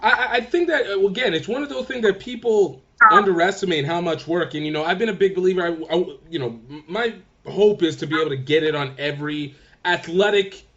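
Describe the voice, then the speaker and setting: A man's voice: sits high, a little fast, few pauses, a bit bright, dull audio. A man hosting a casual interview, talking with enthusiasm and plenty of slang. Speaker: podcast host.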